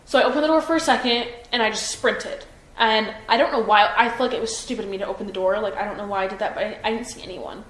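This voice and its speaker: Roomy echo and faint noise surround this police interview with a witness, a woman in her twenties. Her mid-range voice is fast and fairly bright, and she keeps hesitating with fillers and restarts.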